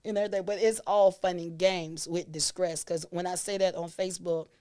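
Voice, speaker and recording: Lower-voiced woman telling stories. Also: a little fast, clear, resonant tone. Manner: animated storyteller, laughs often. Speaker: guest. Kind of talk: casual interview chat.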